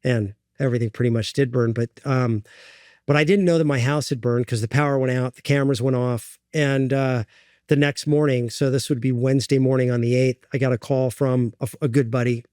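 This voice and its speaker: A middle-aged man from the United States, a guest in an interview, telling his own story in an earnest, halting way with many fillers and restarts. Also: medium pitch, fairly even intonation, darkish tone, dry recording, studio quality.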